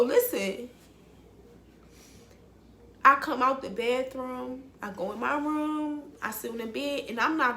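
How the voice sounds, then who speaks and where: A woman's voice: on the high side, bright, forceful tone, reverberant, slight background noise. A young woman, telling a raw personal story to her viewers, blunt and emotional and swearing freely. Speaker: vlogger. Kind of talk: candid storytelling to camera.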